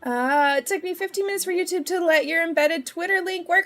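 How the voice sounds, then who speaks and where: High-voiced giggly woman streamer. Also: a little slow, fairly bright tone. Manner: giggly, laughs often, rambling tangents. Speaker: game streamer. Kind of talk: casual live-stream chat.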